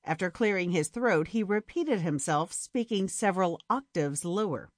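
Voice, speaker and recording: A woman narrating a romance story in an unhurried, expressive reading. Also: on the low side, no room sound, clean studio sound.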